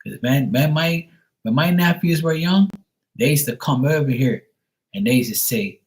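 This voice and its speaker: A man's voice: mid-range voice, animated, poor audio. Blunt, profane man talking casually. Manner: blunt, profane, rambling, with many restarts; acts out kids' and fathers' voices in quick quotes. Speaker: tarot reader on a livestream. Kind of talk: casual live-stream talk.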